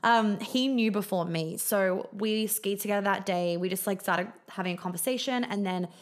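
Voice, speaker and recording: A young woman hosts a live podcast Q&A in a casual, rambling way. She talks in an easy, middle-pitched voice, full of fillers, and she swears freely. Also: moderate pace. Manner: chatty, frequent fillers and swearing. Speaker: podcast host answering viewer questions.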